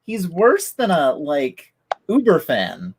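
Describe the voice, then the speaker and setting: A man's voice: a little high, huge pitch swings, slow, slight background noise. Man tossing dry quips on a stream. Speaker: livestream co-host. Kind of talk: casual livestream chat.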